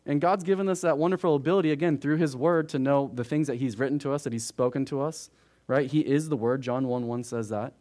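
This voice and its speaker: In church, a pastor teaches his congregation verse by verse through a book of the Bible. He talks fast and casually in a mid-range, darkish voice, often breaking off for asides to check in with the room.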